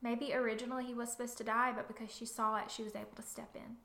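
An enthusiastic woman gushing about a novel with a bright, forward voice that sits a little high. She giggles and trips over her restarts, and the room echoes around her. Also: little pitch movement, quick pace. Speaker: book podcast co-host. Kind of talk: casual chat.

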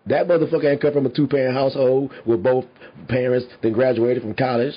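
A man speaking rants to his viewers, heated and emphatic, swearing constantly. His voice is very husky and mid-pitched, and the recording sounds a little dull. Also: little pitch movement, quick pace. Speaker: commentary podcaster. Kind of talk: profane rant to viewers.

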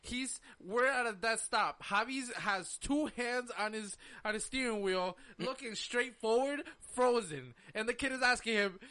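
A man's voice: very high-pitched, measured pace, few pauses. A young man on a podcast telling a story in casual chat, full of "like" and acted-out quotes. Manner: animated storyteller acting out quotes, lots of "like". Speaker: podcast host.

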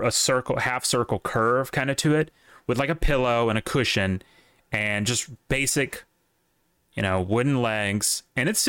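A man's voice: mid-range voice, a bit bright, clear, resonant tone, dry recording, clean studio sound. A man with a light Southern accent, chatting casually on a podcast in a rambling, profane way. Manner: rambling, profane, lots of restarts. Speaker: podcast co-host.

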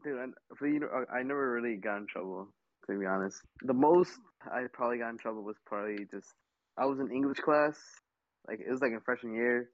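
A man's voice: mid-range voice, fast talker, no echo. A young man telling a story in casual chat, with loose stumbling restarts. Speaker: podcast co-host. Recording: dry, dull lo-fi sound.

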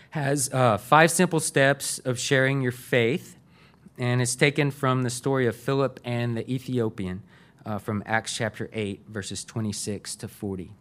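Middle-aged man, pastor, conversational sermon, earnest. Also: mid-range voice. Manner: conversational, earnest, uses fillers.

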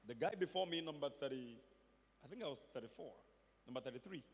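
Animated Nigerian pastor in a reverberant hall. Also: male voice, medium pitch, quick pace, husky. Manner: animated storyteller acting out dialogue. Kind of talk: sermon testimony.

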